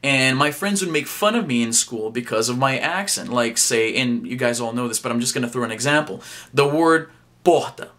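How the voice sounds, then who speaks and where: Bright-voiced man vlogging casually. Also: mid-range voice, fairly quick, few pauses. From Brazil. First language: Portuguese. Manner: chatty and rambling, with frequent restarts and casual swearing. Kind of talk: casual vlog talk to camera.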